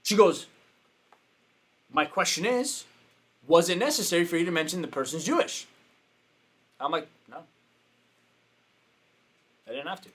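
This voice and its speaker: Animated storytelling coach, man. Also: a little slow, pauses often. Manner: animated, acts out quotes with sudden pitch jumps. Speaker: business coach. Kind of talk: casual storytelling.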